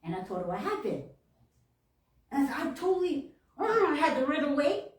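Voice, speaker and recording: A woman's voice: sits high, very animated, fairly quick. A woman minister telling a story in a sermon, with a lilt, laughing often and acting out her own reactions. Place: temple hall. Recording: echoey room, mic at a distance.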